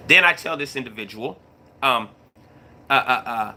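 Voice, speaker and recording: Laid-back man, bright forceful voice. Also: medium pitch, animated, moderate pace, pauses often, a little hiss or hum. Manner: laid-back, repeats himself, greets chat mid-story. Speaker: YouTube live streamer. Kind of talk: casual livestream talk to viewers.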